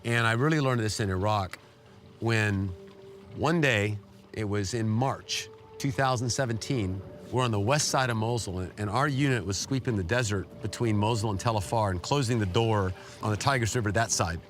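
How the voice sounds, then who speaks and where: A middle-aged man giving an earnest, emotional personal testimony as an interview guest, his pitch jumping up when he is moved. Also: moderate pace, faint music behind. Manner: emotional, earnest storytelling with sudden rises in pitch. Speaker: guest telling a war story.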